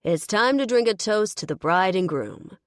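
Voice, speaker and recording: A woman's voice: medium pitch, animated, normal speed, dry recording, clean studio sound, natural voice. A woman voicing a bearded male biker, giving a folksy, hearty wedding toast.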